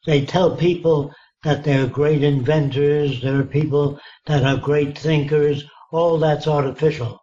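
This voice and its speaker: A man's voice: on the high side, fairly even intonation, a little slow, dark tone. A man in his nineties giving an interview, blunt and emphatic, often checking that he is understood. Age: 90s. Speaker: interviewee, futurist. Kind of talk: conversational interview. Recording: dull lo-fi sound.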